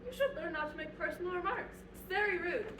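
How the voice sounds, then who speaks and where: A prim, indignant young girl, played by a schoolgirl on a school stage, correcting everyone in a very high voice. The sound is distant and roomy, with steady noise behind. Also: quick pace. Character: polite but indignant young girl Alice. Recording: roomy stage audio from far off, background noise.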